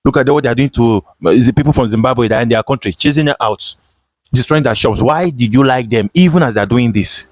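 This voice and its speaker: A man's voice: mid-range voice, quick pace, no echo. A man with a Nigerian accent, an online commentator ranting impassioned and firing repeated rhetorical questions at his audience.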